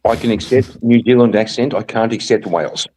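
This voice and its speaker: A man's voice: fairly low pitch, brisk, darkish tone. A man on a casual panel chat, wry, repeating his own quips. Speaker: panel guest.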